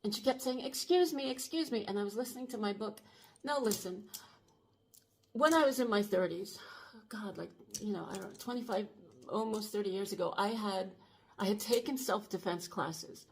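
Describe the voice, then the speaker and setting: A woman's voice: mid-range voice, moderate pace, a little hiss or hum. A woman around sixty telling a personal story to camera in an earnest, urgent way, shaken and emotional, often stopping and restarting her sentences. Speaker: channel host.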